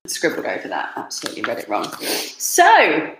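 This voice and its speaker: A woman's voice: sits low, wildly swooping pitch, moderate pace, fairly bright tone. A woman teaching Shakespeare in an online lesson, sniffly and caught by sneezing fits, often breaking off to excuse herself. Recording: echoey room with faint noise.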